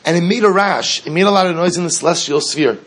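A man's voice: sits high, quick pace, a bit bright, voice pushed up. A man voicing the spirit of a grieving father, speaking to his son with urgent passion. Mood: impassioned. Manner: urgent, impassioned.

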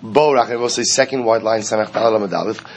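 Man, low-ish voice, Talmud class teacher, chants the text then explains it, faint hum behind. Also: steady tone, fast talker. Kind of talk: daily Talmud page class.

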